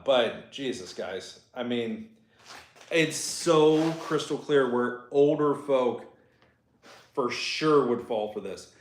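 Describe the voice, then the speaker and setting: A man in his forties telling a story casually to camera, animated and swearing, acting out the people he quotes. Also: medium pitch, echoey room. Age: 40s. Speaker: shop owner vlogger. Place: garage workshop.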